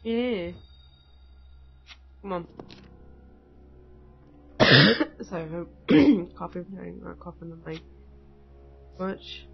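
A woman casually commenting as she plays a mystery game, muttering to herself in an unhurried way. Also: lowish voice, gravelly. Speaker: game player. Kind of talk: casual let's-play commentary. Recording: muffled audio with game music.

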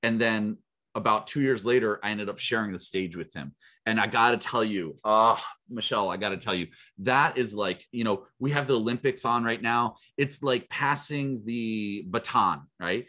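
A middle-aged man, a guest speaker and coach, telling his story in an interview with lively acted-out quotes and frequent laughs. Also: lowish voice, normal speed. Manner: animated storyteller, acts out quotes, laughs often. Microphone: small mic worn on body.

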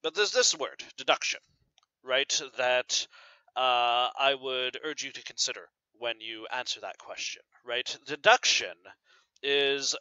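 A man's voice: medium pitch, a little slow, pushed and bright, clear, resonant tone, dry recording. A man teacher explaining a story to students in a conversational way, often asking "right?" and using fillers. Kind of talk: recorded lesson on a novel reading. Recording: dry, slightly dull lo-fi recording.

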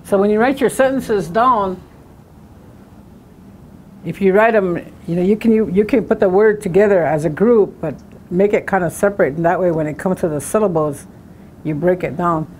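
A woman teaching a language class, sounding out words slowly syllable by syllable. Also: fairly low pitch, a little mellow, slight background noise. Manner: slow, drawn-out syllable-by-syllable pronunciation.

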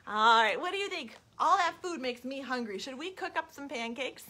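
A woman librarian reading a picture book and singing counting songs for young children in a playful, animated way on a livestream. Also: sits high, moderate pace. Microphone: webcam or phone, livestream.

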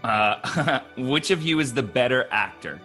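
A man's voice: mid-range voice, expressive, unhurried, sharp tone, faint music behind. A man hosting a casual web show, upbeat and chatty with loose fillers. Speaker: show host.

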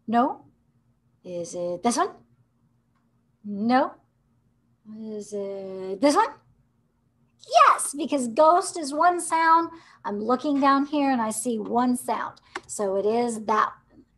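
A woman teaching a first grade music lesson in an upbeat, encouraging, sing-song way. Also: sits high.

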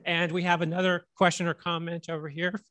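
A male moderator handles questions from the chat and the room in a relaxed manner. His voice sits a little high. The sound is dry. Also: a little fast, no echo. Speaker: session moderator. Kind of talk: moderating a Q&A session.

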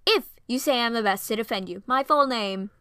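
A woman's voice: fairly high pitch, moderate pace, pushed and bright, smooth, no room sound, clean studio sound. A woman voicing a cocky, dramatic young man who shows off and teases. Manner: cocky, showy.

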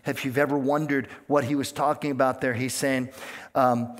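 A male pastor preaching an unscripted sermon, rising in pitch and volume on key points and acting out the voices of people he quotes. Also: little pitch movement, normal speed. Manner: plain delivery with fillers and restarts, not scripted.

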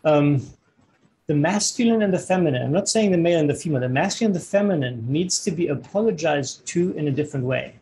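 A man's voice: a little high, lively intonation, fast, darkish tone, rough recording. A man working as a relationship coach, talking earnestly in a podcast interview and often repeating words as he searches for them. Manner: earnest, repeats words while searching, acts out quoted dialogue.

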